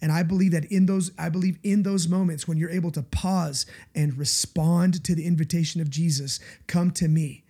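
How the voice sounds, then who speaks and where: Male pastor, conversational sermon; warm, mellow tone, emphatic and confessional. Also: fairly high pitch, steady tone, moderate pace, few pauses, husky. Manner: earnest, confessional, emphatic, often asks listeners "right?".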